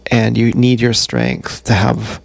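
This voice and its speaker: A man's voice: on the low side, very animated, takes it slowly, vocal fry, no echo. A man live-streaming a rambling, profane monologue that sounds like he is talking to himself, recorded on an action camera mic. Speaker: vlogger.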